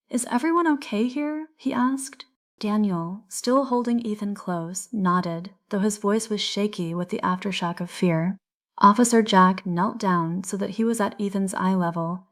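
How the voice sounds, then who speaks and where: A woman narrating a story slowly and clearly for English learners, with expressive delivery. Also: mid-range voice.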